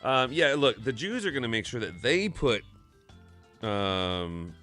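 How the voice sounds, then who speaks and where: A man's voice: medium pitch, very animated, measured pace, a bit bright, faint music behind. A man hosting a live stream in casual chat, upbeat and reading viewer messages aloud.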